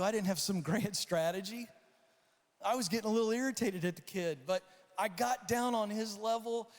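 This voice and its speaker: A high-pitched man telling stories from a conference stage, throwing himself into the voices and shouts of the people he describes. His voice carries a long reverb from the large hall around him. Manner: animated storyteller acting out voices and shouts. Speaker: conference speaker. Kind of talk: storytelling keynote talk.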